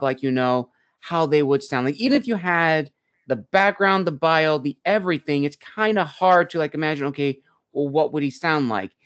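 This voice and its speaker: A man's voice: a little high, clean tone, highs cut off. A man hosting a narrator interview podcast, asking long, rambling questions. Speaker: podcast host.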